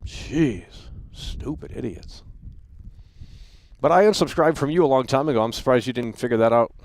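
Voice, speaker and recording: A man's voice: medium pitch, rapid-fire. Angry, profane male livestream host. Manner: heated, profane, repeats and stumbles over words. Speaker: live stream host.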